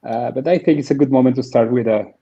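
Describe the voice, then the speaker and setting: A man's voice: mid-range voice, fairly even intonation, fast, dark tone, lo-fi sound. A man joining as a guest on a video call, polite and easygoing.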